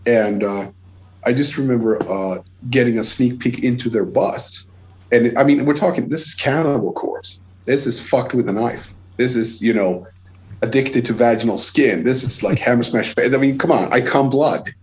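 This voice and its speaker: On a casual podcast with lo-fi sound, a Swedish guest musician speaks English with a Swedish accent in a mid-range voice at a moderate pace. He tells animated stories, swears without restraint, and often starts over mid-sentence.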